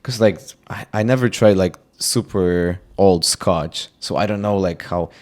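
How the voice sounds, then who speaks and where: A man with a very low voice chats easily on a podcast, agreeing often. He explains things in a loose, roundabout way. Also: a little slow, darkish tone. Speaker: podcast co-host. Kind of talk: casual chat.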